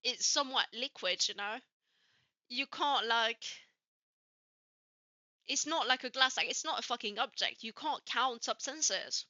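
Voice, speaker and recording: Bright, animated Swiss French woman. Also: on the high side, unhurried, pauses often, no echo, muffled recording. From Switzerland. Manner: animated, swearing, acts out quoted people. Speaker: podcast co-host. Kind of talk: casual chat.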